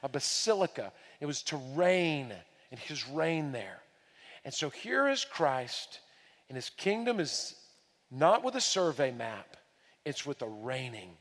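A man preaching a sermon with emphasis, repeating key phrases and swinging between hushed and loud delivery. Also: mid-range voice, very animated, a little slow, in a large hall. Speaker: pastor.

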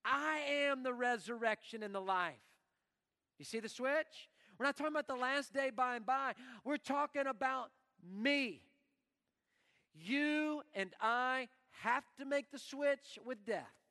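High bright-voiced preaching pastor. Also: male voice, unhurried. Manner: animated preaching, acts out quoted prayers. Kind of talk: sermon. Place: church sanctuary. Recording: long reverb of a church hall.

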